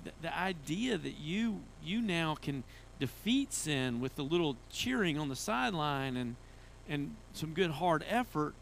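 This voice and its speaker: A man's voice: fairly high pitch, sing-song, measured pace, creaky, a bit bright, slight background noise. A man preaching a sermon as pastor, conversational, with restarts and emphatic rising runs. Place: church sanctuary.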